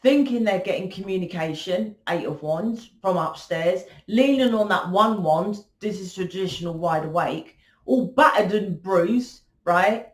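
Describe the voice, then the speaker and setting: A woman's voice: medium pitch, expressive, measured pace. Blunt, swearing woman reading tarot. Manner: blunt, swearing, confrontational, lecturing. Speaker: tarot reader. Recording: echoey room.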